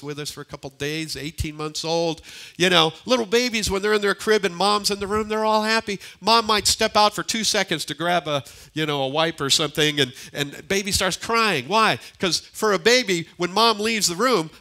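An older man preaching a sermon as pastor, swinging between emphatic lines and hushed near-whispers and repeating key phrases. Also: sits high, moderate pace, vocal fry. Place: church sanctuary.

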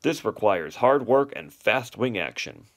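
A man's voice: fairly low pitch, big pitch swings, a little slow, a bit bright. A man voicing a long-winded, pompous father swan in a storybook reading, delivering grand lecturing speeches. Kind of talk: storybook read-aloud.

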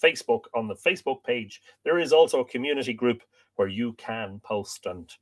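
A man's voice: mid-range voice, lively intonation, normal speed. An Irish man hosting a casual livestream, greeting viewers by name and making jokes as he reads out their comments. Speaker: livestream host.

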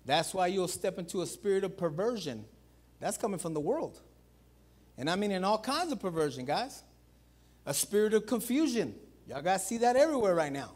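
A pastor preaching a sermon in an animated way, calling out to the congregation and swinging between loud calls and low, quiet emphasis. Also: male voice, normal speed. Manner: animated preaching, repeats "watch this" and "guys".

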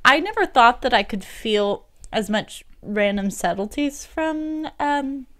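A woman's voice: a little high, expressive, slow pace, a bit bright. A woman co-hosting a casual movie discussion, chatty and rambling, with lots of fillers and restarts. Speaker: podcast co-host.

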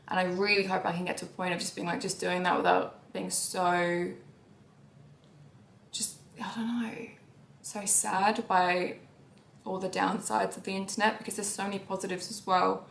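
A young woman vlogging about her life in a candid, emotional way. Her voice swings between soft, sighing lines and sudden raised outbursts. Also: fairly low pitch, creaky, reverberant, a little hiss or hum. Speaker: YouTuber. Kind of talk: confessional vlog talk.

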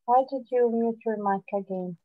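A woman teaching a phonics lesson online, patient, full of praise, and repeating words slowly for her pupils. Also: a little high. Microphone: video call. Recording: dull lo-fi online call audio.

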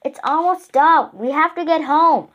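A woman's voice: sits high, a little slow, fairly bright tone, pitched above the performer's own voice. Sensible, grumbling young boy, read by a woman in her own voice, a bit exasperated. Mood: calling. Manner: doubtful, sensible, a little exasperated. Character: cautious, grumbling eight-year-old boy.

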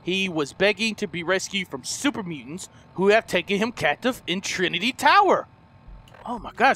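A young gaming YouTuber commentates with loud, goofy mock-heroic bravado. His voice sits unusually high and sounds bright and sharp, and he swings between shouted boasts and muttered asides. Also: lively intonation, a little slow. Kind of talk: comedic gameplay commentary.

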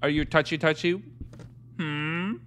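A man giving jokey let's-play commentary on a horror game, talking to himself and breaking into panicked yelling. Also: a little high, fairly even intonation, unhurried, a little hiss or hum. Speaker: gaming YouTuber.

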